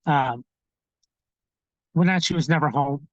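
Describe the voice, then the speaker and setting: A middle-aged man speaks as a podcast guest, sharing his own story in a candid, halting way. His voice sits a little high for a man. He restarts his sentences often, and the sound is dry and close. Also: a bit bright, dry recording, lo-fi sound. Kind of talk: personal storytelling.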